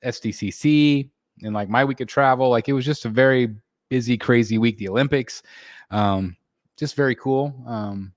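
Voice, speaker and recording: A man from the United States hosts a casual live stream, chatting in a relaxed, rambling way with plenty of fillers and restarts. His voice sits in an ordinary middle range. It is recorded close and dry, with no room sound. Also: mid-range voice, normal speed, no room sound. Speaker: livestream host reading chat. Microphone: desk microphone.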